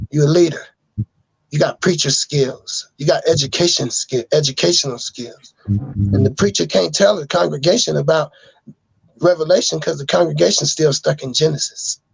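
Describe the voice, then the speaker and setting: Gravelly, husky man preaching earnestly. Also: fairly high pitch, normal speed, no room sound. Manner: insistent, repeating phrases like a sermon. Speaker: podcast guest.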